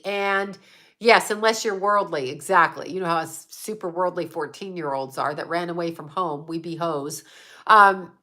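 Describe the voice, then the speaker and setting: Woman, livestream host, casual chat, blunt, swears a lot, bright and forceful. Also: medium pitch. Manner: blunt, profane, outspoken.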